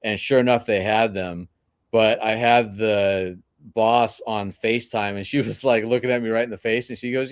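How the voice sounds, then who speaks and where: Lowish-voiced guy calling in over video, dry sound, laid back. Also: fairly even intonation, moderate pace, clear, resonant tone, no room sound. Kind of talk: casual chat. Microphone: video call.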